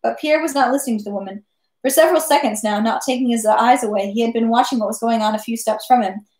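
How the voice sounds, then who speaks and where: A woman reading a classic novel aloud at home, steady with occasional slips and self-corrections. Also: fairly high pitch, fast, reverberant. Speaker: reader.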